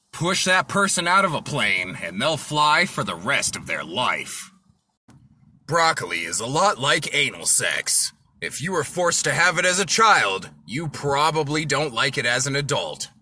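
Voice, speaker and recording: Bright-voiced man telling dark jokes. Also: medium pitch, slight background noise. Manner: deadpan punchline delivery with lively swings. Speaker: comedy content creator. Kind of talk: reading dark one-liner jokes.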